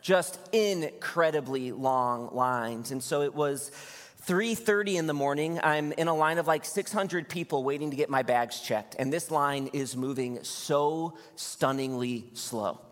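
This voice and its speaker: A male pastor preaching a sermon, telling a personal story in a lively storytelling manner before reading scripture. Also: a little high, unhurried. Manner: storytelling, animated when recounting anger. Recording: long hall reverb.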